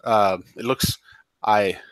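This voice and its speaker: Man voicing a flustered, apologetic wind mage in a tabletop game; stammers, low voice, dry sound. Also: steady tone, slow, no room sound, poor audio. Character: flustered, overly polite male wind mage.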